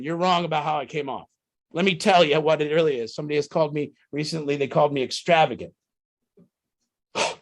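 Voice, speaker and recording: A man leading a recovery group talk, blunt and profane, firing rhetorical questions at his listeners. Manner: rhetorical questions, swings loud and high when worked up. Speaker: group leader.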